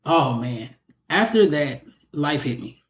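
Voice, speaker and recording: Speaking slowly in a fairly high voice, a young male actor shares stories during a relaxed interview. He is lively and tends to repeat words along the way.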